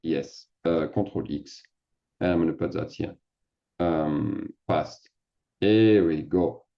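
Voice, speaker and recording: A man's voice: a bass voice, takes it slowly, highs cut off. A man teaching a casual lesson, chatty and self-mocking as he thinks aloud while typing. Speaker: French teacher. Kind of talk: casual screen-share lesson.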